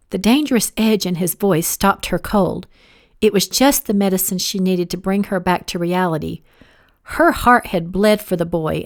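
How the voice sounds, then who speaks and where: A woman reading her own novel aloud as audiobook narration, steady, giving each character a voice. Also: mid-range voice.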